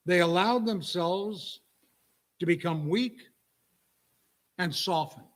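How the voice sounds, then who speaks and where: A minister telling a sermon story. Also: male voice, on the high side. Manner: storytelling, drawn-out pauses, illustrative.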